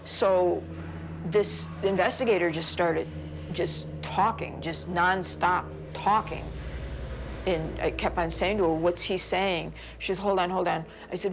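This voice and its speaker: Low gravelly woman telling her story. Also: steady tone, normal speed, a little hiss or hum. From United States. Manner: earnest, recounting events with rising distress. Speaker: interviewee, mother of a missing son. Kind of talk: documentary interview testimony. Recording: music bed under the voice.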